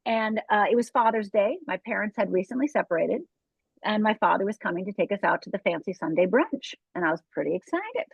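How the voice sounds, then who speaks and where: A woman's voice: medium pitch, lively intonation, a little fast, vocal fry, husky, dry recording. Candid woman coach on a tinny line. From Upper Michigan. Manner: candid, direct storytelling with audience asides. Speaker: life coach and author. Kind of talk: interview guest telling her story. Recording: tinny phone-like dry sound.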